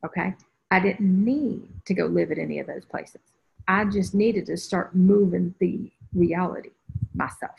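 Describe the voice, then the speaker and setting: Gravelly, husky woman telling a story. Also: on the low side, unhurried. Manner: animated storyteller who acts out quoted voices. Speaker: spiritual teacher. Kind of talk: storytelling in a group video call. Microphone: video call. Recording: dull lo-fi video call audio.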